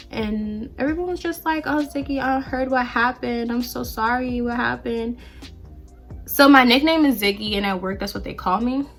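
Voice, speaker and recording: A woman's voice: fairly high pitch, vocal fry. A young woman vlogger animatedly telling a storytime while getting ready, acting out the quoted lines. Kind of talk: storytime while doing her hair.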